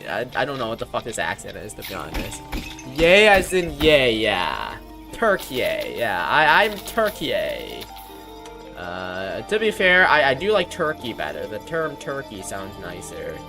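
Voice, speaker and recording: A man's voice: lowish voice, wildly swooping pitch, moderate pace, over music. A man who is not a native English speaker, streaming a game and rambling profanely in casual commentary.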